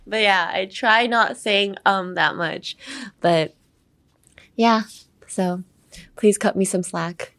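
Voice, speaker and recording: A bubbly young woman from California hosts a casual English pronunciation lesson. She hops between English and Japanese, fills gaps with "um" and "like", and laughs easily. Her voice sits at an ordinary middle pitch for a woman. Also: a bit bright. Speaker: podcast English teacher and idol.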